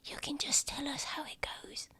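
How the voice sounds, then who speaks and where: A woman voicing a curious, sneaky little girl in whispered role-play, speaking in a soft hushed whisper. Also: moderate pace, lightly acted. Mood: eager whisper.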